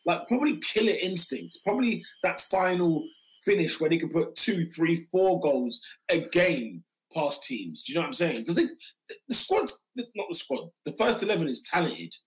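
A man, hoarse after losing his voice, hosting a casual football chat with emphatic, repeated phrases. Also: fairly high pitch, normal speed, low-quality recording. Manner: animated, interjecting, emphatic repetitions. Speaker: podcast host.

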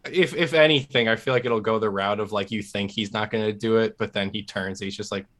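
Casting note: male podcast co-host, bright forceful tone, quick with jokes. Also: on the low side. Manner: joking, throws in mock quotes. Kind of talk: casual comic book chat.

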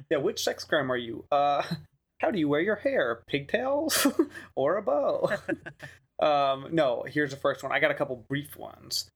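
A man's voice: on the high side, expressive, measured pace, long pauses, a bit bright, husky. A man co-hosting a podcast in casual chat, joking around and laughing often. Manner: joking, laughs a lot, loose filler-heavy talk. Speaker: podcast co-host.

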